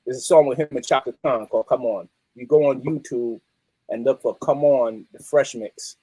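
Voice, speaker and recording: A middle-aged man, a musician guest telling stories in a streetwise, animated way. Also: mid-range voice, moderate pace, husky, no room sound, low-quality recording. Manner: animated, streetwise, peppered with "you know what I mean". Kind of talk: casual interview storytelling.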